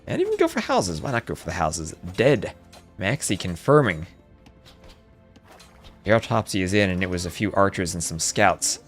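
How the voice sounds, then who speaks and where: A man commentating a live strategy game tournament, chatty and excitable, chatting with viewers between plays, with faint music behind. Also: sits low, moderate pace, long pauses. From New Jersey. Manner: chatty, reads chat aloud, excitable outbursts. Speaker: esports caster.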